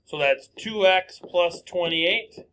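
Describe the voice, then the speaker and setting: Slow, bright-voiced male math teacher. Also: high-pitched, slight background noise. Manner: asks questions aloud and answers them, step by step. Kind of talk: recorded lesson working through problems.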